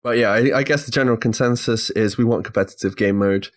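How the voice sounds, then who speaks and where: A man hosting a casual gaming podcast, animated and sweary, steering the talk between guests. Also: on the low side, fast talker. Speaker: podcast host.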